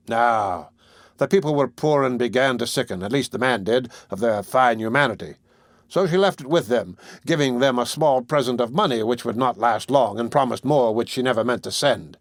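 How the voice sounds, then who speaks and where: A man narrates a classic novel for an audiobook in an even, unhurried voice of middling pitch. The recording is dry and close, with no room sound. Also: no room sound. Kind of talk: scripted narration.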